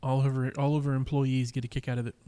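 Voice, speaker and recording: In a cigar lounge, a man hosts a live stream, chatting casually into a microphone and teasing his viewers. His medium-pitched voice is mellow and smooth, moving fast with little rise or fall. He rambles chattily, full of fillers and restarts.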